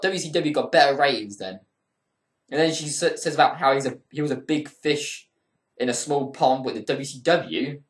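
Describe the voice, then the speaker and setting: Rambling young man, echoey room. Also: fairly high pitch. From United Kingdom. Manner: rambling, profane, with frequent ums and heated rants. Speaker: wrestling show reviewer. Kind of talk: casual spoken review.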